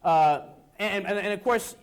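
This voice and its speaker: A man giving an economics lecture, talking in an animated way and checking in with his listeners through rhetorical tag questions. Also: high voice, measured pace, clear, resonant tone. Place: lecture at a seminar event.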